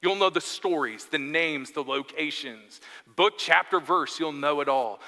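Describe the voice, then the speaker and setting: A man preaches in a church sanctuary, his voice bright and forceful, a touch higher than most. He speaks earnestly and eases into quiet rhetorical questions. A long hall reverb trails each phrase. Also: measured pace. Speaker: pastor. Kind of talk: sermon.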